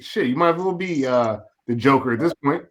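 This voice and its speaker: A man in casual chat on a video call, musing out loud with plenty of "like". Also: medium pitch, animated, fairly quick. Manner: casual, fills with "like".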